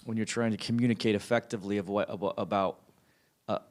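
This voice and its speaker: A man from the audience talking casually and hesitantly, with halting restarts. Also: lowish voice, fairly even intonation. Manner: hesitant, halting, laughs easily. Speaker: audience member. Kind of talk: casual chat.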